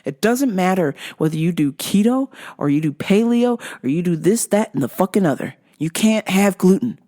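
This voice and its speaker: Sarcastic lady host cussing thru her customer stories, super animated pitch. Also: normal speed. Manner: blunt, sarcastic, swears constantly. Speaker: podcast host. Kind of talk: profane comedic storytelling.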